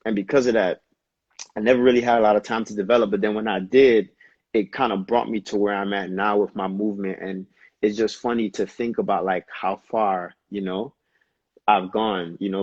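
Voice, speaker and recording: Husky young man from Brooklyn. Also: on the low side, no echo, highs cut off. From Brooklyn, New York. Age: young adult. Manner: animated storytelling, slangy, quick bursts of speech. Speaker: dancer, guest. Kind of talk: casual interview.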